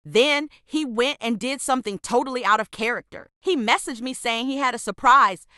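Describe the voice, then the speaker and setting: A woman with a bright, forceful voice pitched a little high tells a scripted storytime, her tone exasperated and full of sarcasm. The sound is dry and close, with no room around it. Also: moderate pace, dry recording. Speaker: storytime narrator.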